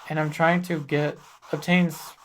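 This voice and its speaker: A man demonstrating a portrait painting as an instructor, calmly thinking aloud while he works. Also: on the high side, slight background noise. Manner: thinks aloud while working, calm and deliberate.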